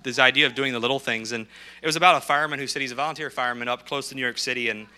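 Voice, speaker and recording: A man speaking from a podium as a missionary, telling lively anecdotes and acting out what people said. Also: medium pitch, racing. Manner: lively anecdotal storyteller who acts out quotes. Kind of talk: storytelling sermon.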